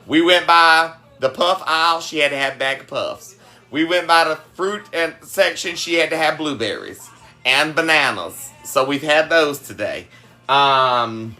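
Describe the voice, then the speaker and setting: A woman's voice: extremely low pitch, pushed and bright. A woman with a South Carolina Southern twang, chatting folksily while cooking live, laughing often and greeting viewers. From South Carolina, USA. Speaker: cooking livestream host.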